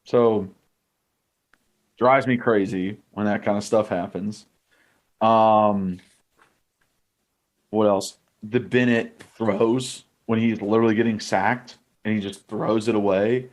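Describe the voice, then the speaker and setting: A man's voice: lowish voice, steady tone, slow pace, long pauses. A young man co-hosting a sports podcast, ranting heatedly about referees with frequent swearing. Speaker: podcast co-host, former offensive lineman. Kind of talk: casual sports podcast chat.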